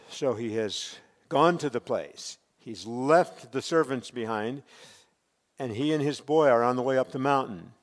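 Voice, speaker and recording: A man preaching a sermon as pastor, swelling loud and dropping soft as he tells a Bible story. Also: medium pitch, unhurried, big-room sound.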